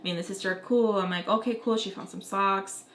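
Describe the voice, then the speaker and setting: A young woman vlogger telling a casual story in an animated, profane, rambling way. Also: medium pitch, brisk. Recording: echoey room, faint noise.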